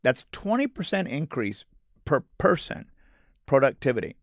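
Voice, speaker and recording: Podcast guest: middle-aged man, low gravelly voice, emphatic storyteller, dry close sound. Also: big pitch swings, moderate pace, no room sound. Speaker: guest author. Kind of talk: conversational podcast interview.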